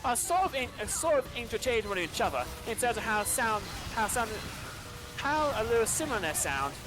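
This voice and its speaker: Australian man, casual gamer chat, stammering delivery over loud game music. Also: extremely high pitch, very animated, a little fast. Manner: stammering, repeats words, laughs often. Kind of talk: casual chat while gaming.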